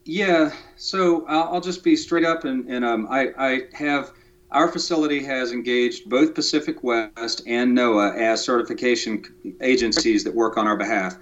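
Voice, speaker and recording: A man's voice: medium pitch, normal speed, fairly bright tone, a little hiss or hum. A man, a guest on a podcast interview, talking casually in a joking way that turns detailed and technical. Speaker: podcast guest, tiny house builder. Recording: dull lo-fi sound.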